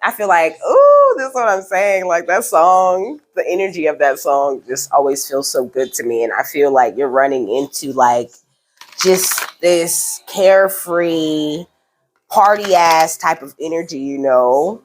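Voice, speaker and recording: A woman giving a casual spiritual reading to her viewers, animated and slangy, laughing often. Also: deep voice, unhurried. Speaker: spiritual card reader.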